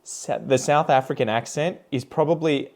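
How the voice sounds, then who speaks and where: A man's voice: medium pitch, moderate pace, creaky, a little mellow. A young Australian man with an Australian accent, chatting casually and rambling while he repots plants, swearing now and then. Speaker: plant vlogger. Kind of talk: casual chatty commentary while doing chores.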